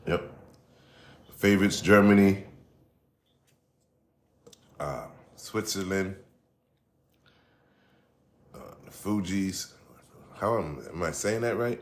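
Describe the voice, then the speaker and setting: A man's voice: sits low, slow pace, long pauses. A middle-aged man hosting his own podcast, talking in a loose, rambling, profane way, restarting his sentences and going off on asides. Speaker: podcast host. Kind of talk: casual solo monologue.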